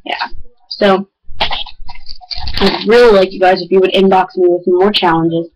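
Teenage girl, vlogger, casual chat, excitable, rambling, big pitch jumps. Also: unhurried, dull audio.

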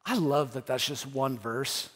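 A man preaching a sermon as pastor, earnest, repeating phrases, rising to emphatic peaks and dropping to soft, quiet lines. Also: medium pitch, measured pace, slightly rough. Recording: church hall with long reverb.

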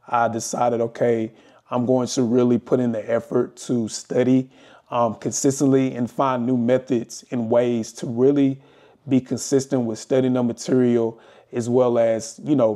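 A young adult man talking casually to camera and walking through his study experience with plenty of fillers. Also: medium pitch. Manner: relaxed, conversational, many fillers. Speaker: vlogger. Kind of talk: casual talking-head explainer.

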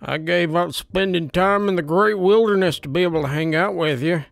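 Woman putting on a gravelly, whining creep of a man. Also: fairly low pitch, moderate pace, no echo. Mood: pushy. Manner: quivering, pleading, breathy near-whisper. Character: creepy pushy unkempt adult man.

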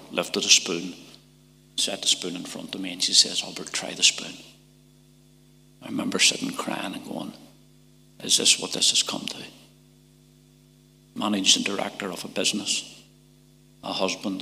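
A middle-aged man with a Northern Irish accent giving an emotional church testimony, halting and repeating words, sometimes dropping to a whisper. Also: sits low, flat delivery, creaky, sharp tone. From Northern Ireland. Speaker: testimony speaker. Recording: church hall reverb.

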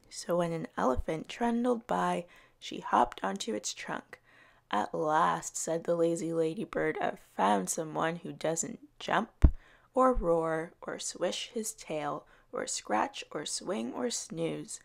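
A woman reads picture books aloud to young children at a slow, unhurried pace. Her voice sits a little low and carries a heavy gravelly fry. She gives the characters gentle, expressive voices. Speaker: early years educator. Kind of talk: children's story time reading.

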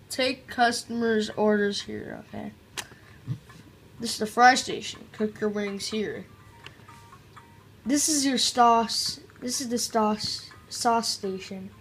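A woman's voice: mid-range voice, slight background noise. A woman doing casual let's-play commentary, joking around and reading on-screen tutorial text aloud. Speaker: gameplay commentator.

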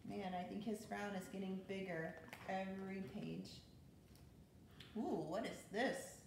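A woman music therapist reading a picture book aloud to children, gentle and expressive. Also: unhurried, creaky. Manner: gentle, expressive, exclaiming storyteller. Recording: very echoey room with faint rumble.

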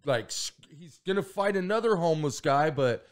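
A man's voice: fairly high pitch, moderate pace. A man telling rambling, profane stories in casual podcast chat, acting out what people said. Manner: profane, animated storyteller acting out quotes. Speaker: podcast guest.

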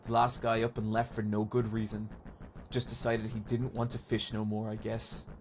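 A man voicing a soft-spoken, vaguely sinister male fishing shop owner with a low, hushed drawl. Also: flat delivery, normal speed, a little hiss or hum, natural voice. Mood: shady.

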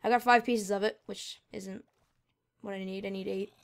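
A woman's voice: mid-range voice, fairly even intonation, normal speed, gravelly. A woman casually commenting while she plays a video game, rambling and getting frustrated with lag. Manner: rambling, easily frustrated, talks to herself. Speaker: gamer.

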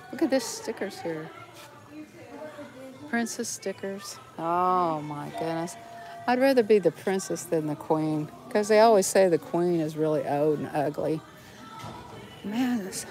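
Southern woman vlogger, chatty and giggly, store aisles, faint background music. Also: medium pitch. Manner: chatty, giggly, talks to viewers while browsing. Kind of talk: casual shopping vlog. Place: inside a large discount store.

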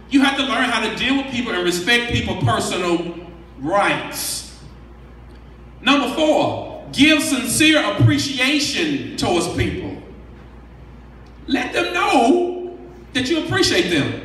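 A man's voice: sits high, sharp tone, slight background noise. A man giving an emphatic, preachy motivational talk to a workshop audience, counting off numbered points. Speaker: workshop speaker. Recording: echoey hall from far off.

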